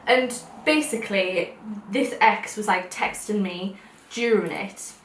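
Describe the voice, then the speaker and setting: A woman's voice: mid-range voice, takes it slowly, slight background noise. A young British woman vlogger, chatting and telling stories while eating, rambling with laughs. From United Kingdom. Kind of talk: casual mukbang chat. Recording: roomy sound from a distant mic.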